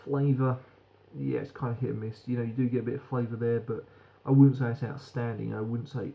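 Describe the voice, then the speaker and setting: A man's voice: medium pitch, flat delivery, fairly quick, gravelly, few pauses, highs cut off. A British man giving a frank, rambling beer review that swears casually.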